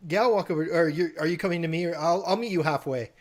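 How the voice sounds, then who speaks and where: A man's voice: a little high, fast talker. A man playing a tabletop game, describing his actions casually and eagerly. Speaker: player.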